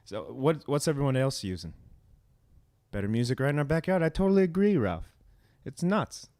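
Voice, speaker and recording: A man's voice: medium pitch, expressive, normal speed, a little mellow. A man hosting his own music livestream at home, chatting casually and rambling a little as he greets viewers by name.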